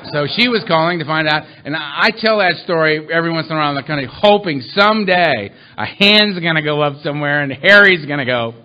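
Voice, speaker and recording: A man's voice: a little high, quick pace, few pauses. A man speaking at a recovery meeting, telling humorous stories about himself and acting out the people in them. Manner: self-mocking, animated, acts out quotes. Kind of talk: humorous storytelling talk. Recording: muffled lo-fi recording.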